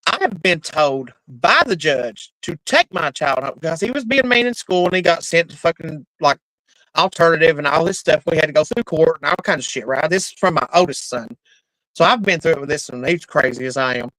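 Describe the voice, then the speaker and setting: Animated, profane woman storyteller. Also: low voice, brisk, no room sound, rough recording. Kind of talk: casual storytelling chat.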